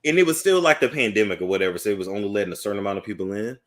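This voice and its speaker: A man hosting a casual chat, telling lively stories and laughing often. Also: lowish voice, rapid-fire. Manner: animated storyteller, laughs a lot. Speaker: host.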